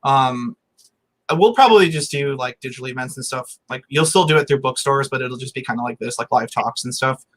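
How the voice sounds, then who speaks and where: A man in his thirties, appearing as a guest author, chats casually in a laid-back way, his speech full of "like" and other fillers. His voice is medium-pitched, brisk and a bit bright.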